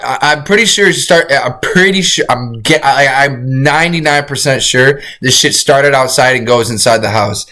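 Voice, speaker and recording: A man streaming a reaction to a crime video, talking casually to his chat, excitable and profane, rambling with frequent restarts. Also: medium pitch, moderate pace, few pauses.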